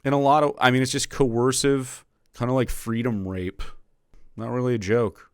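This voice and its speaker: A man's voice: mid-range voice, fairly even intonation, normal speed, clean tone, dry recording, studio quality. A man commenting scornfully on a clip, profane and mocking. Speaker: political streamer. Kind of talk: reaction commentary.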